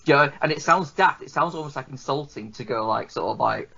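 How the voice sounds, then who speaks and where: Bright-voiced rambling man. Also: medium pitch, a little fast, vocal fry, husky. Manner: rambling, many restarts. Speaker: podcast co-host. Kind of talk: casual film review chat. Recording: dull lo-fi audio.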